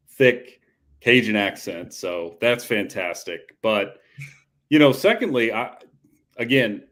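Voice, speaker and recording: A man's voice: medium pitch, fairly bright tone. A man co-hosting a casual college football talk show, rambling with frequent restarts. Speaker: podcast co-host.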